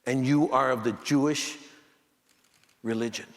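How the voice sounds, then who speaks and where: A man voicing a grave, serious wise old man in his eighties, speaking slowly and solemnly in a large auditorium. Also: medium pitch, fairly even intonation, pitched below the performer's own voice, lightly acted. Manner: slow, solemn, measured. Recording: echoey hall with faint crowd.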